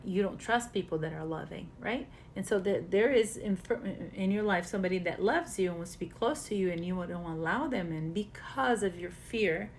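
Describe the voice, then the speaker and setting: A woman's voice: on the low side, slight background noise. Chatty woman therapist explaining. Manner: conversational, repeats words, laughs often. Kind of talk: casual explanatory teaching.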